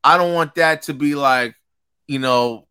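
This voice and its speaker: A man's voice: on the high side, a little slow, sharp tone, clean tone. A man co-hosting a live sports talk show, laying out his honest, laid-back take. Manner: candid, laid-back, reasoning. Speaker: co-host. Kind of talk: casual live-show chat.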